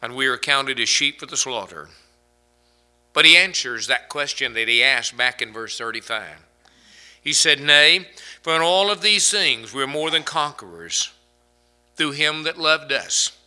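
Bright-voiced male preacher with dramatic swings. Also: animated. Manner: dramatic swings between loud emphatic peaks and hushed low phrases; quotes scripture in slow, drawn-out delivery. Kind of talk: sermon.

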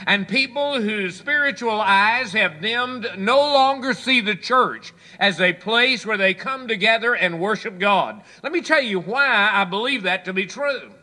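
A man preaching a sermon, telling folksy stories and quoting scripture, dropping low for quiet asides. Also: unhurried, hardly any pauses. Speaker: pastor.

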